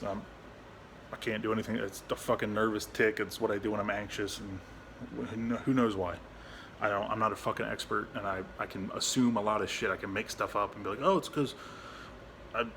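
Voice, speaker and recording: A man's voice: on the low side, flat delivery, fairly bright tone, slight background noise. Frustrated young man rambling into his phone. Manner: frustrated, rambling, heavy swearing; halting, restarts often. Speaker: veteran vlogger. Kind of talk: candid personal vlog. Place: at home.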